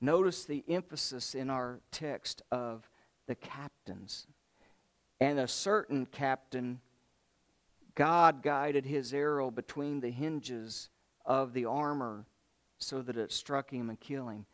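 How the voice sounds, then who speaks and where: A man's voice: mid-range voice, slow pace. A man preaching a sermon, retelling a Bible story in a casual, colloquial way and acting out the characters' lines.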